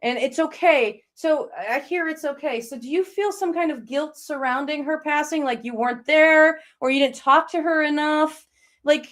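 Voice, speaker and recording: A woman's voice: high-pitched, moderate pace. A woman hosting a live online psychic reading, talking to callers in a reassuring, encouraging way. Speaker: psychic medium host.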